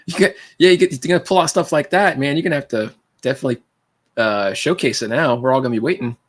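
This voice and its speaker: A California man hosting a laid-back livestream speaks a little fast in a slightly high, very animated voice. His talk hops from thought to thought, full of laughter and "man" and "dude" aimed at viewers.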